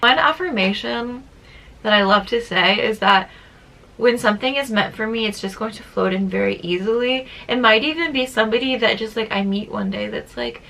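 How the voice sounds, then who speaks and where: Bright-voiced chatty young woman vlogger. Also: on the high side, animated, normal speed. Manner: chatty, many "like" fillers, laughs while talking. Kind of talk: casual vlog talk.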